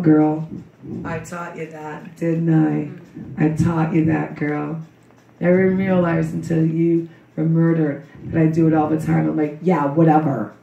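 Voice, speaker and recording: Hoarse grieving mother, distant and echoey. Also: low-pitched, warm tone. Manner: rambling, emotional, halting. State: hoarse with a cold. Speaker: grieving mother giving a memorial tribute. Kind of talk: spoken memorial tribute. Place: memorial service room. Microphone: recorded from a distance by someone in the room. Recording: dull, roomy, distant recording.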